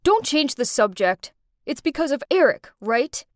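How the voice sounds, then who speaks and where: A woman's voice: high voice, very animated, unhurried, no room sound, clean studio sound. Woman voicing a stern, protective young man. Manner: stern, scolding.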